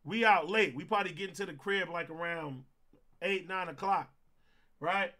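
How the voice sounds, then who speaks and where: A young man from Compton, a streamer host telling a story in an animated, profane way and acting out what people said. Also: sits high, normal speed. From Compton, California. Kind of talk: casual storytelling on a livestream.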